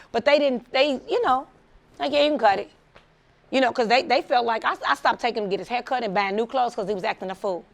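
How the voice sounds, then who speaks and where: A middle-aged woman from the Chicago suburbs, giving a motivational talk as a story and acting out the voices of the people in it. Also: fairly high pitch. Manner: animated, acts out quoted voices, laughs often. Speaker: motivational speaker.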